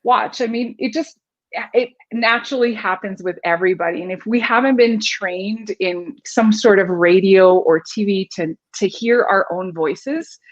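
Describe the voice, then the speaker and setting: A woman's voice: mid-range voice, measured pace, lo-fi sound. A woman guest explaining communication and vocal delivery in an interview, demonstrating her points with her own voice. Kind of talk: instructive interview talk.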